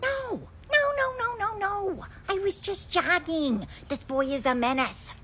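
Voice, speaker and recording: A woman's voice: high-pitched, level tone, normal speed, a little hiss or hum, voice pushed up, lightly acted. A woman voicing a defensive, panicky middle-aged woman in a comedy skit. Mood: frantic denial.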